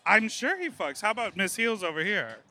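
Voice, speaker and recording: A man's voice: high-pitched, sing-song, sharp tone. A man hosting a podcast, interviewing guests at an outdoor hotel pool party with camp, teasing wit. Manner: camp, teasing, quick-witted. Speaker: podcast host. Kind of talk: roving poolside interviews.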